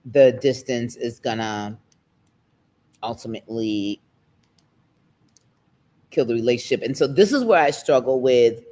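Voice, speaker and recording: Emotional woman guest. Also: extremely low pitch. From United States. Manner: emotional, expressive, quick shifts in pace. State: near tears. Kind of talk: candid interview conversation.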